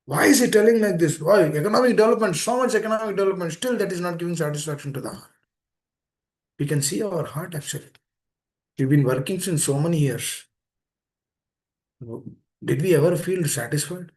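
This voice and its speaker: A man giving a devotional talk to devotees, earnest and pleading, repeating phrases as his voice swings between soft and emphatic. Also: high voice, brisk, long pauses. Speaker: speaker at a temple meeting. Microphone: online meeting room.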